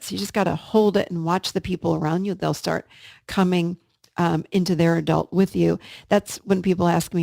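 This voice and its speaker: A woman's voice: on the low side, creaky, a little mellow, no echo, clean studio sound. A woman hosting a self-help podcast, talking earnestly and encouragingly straight to her listeners. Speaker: podcast host.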